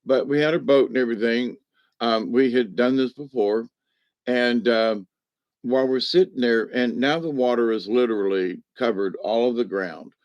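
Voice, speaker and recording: A man's voice: mid-range voice, moderate pace, no room sound, muffled recording. A man telling a personal story in a casual, rambling way, folksy and meandering, with homespun slang.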